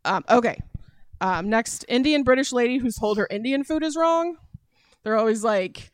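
A woman's voice: a little high, animated, moderate pace, no room sound, studio quality. A woman guest on a podcast, chatting casually and agreeably, with many yeahs and ums. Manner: agreeable, frequent yeahs and ums, listing examples. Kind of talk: casual chat.

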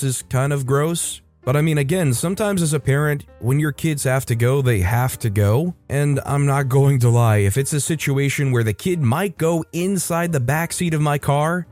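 A man's voice: mid-range voice, a little mellow. A man reading stories aloud, with casual, wry comments between them. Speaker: narrator and commentator. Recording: faint background music.

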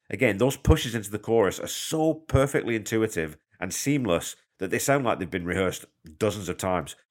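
A deep-voiced man hosts a music podcast and talks through an album track by track. His delivery is chatty and enthusiastic, and he wanders off into conversational asides. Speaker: podcast host. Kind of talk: casual music commentary.

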